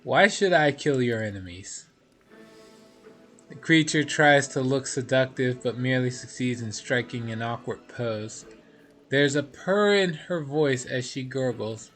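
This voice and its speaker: A man's voice: mid-range voice, a little slow, a bit bright, soft background music. A man streaming a video game, reading its text aloud with laughing asides.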